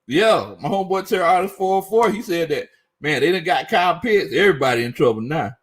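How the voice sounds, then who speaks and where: A young man hosts a casual sports live stream, reading chat comments aloud, laughing often and talking in a loose, slangy way. His voice is fairly high, animated, husky and quick.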